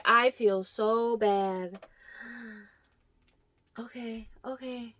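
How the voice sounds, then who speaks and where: A woman's voice: on the high side, fairly even intonation, drawn-out words, long pauses, fairly bright tone. A young woman giving a casual tour of her houseplants, chatting fondly to them and sometimes dropping to a near whisper. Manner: drops to a near whisper at times. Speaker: plant vlogger. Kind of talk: casual plant tour vlog.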